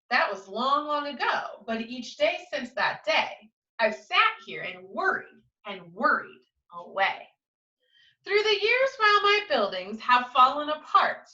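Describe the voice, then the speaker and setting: A woman teacher reading a rhyming picture book aloud at storytime, slowly and expressively. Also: fairly high pitch, sharp tone. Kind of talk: children's storytime read-aloud. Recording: roomy, distant, dull.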